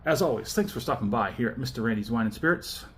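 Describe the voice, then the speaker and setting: A man hosting his own channel, giving a chatty, animated spoken review of a whiskey and laughing between thoughts. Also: mid-range voice, fast talker, slight background noise.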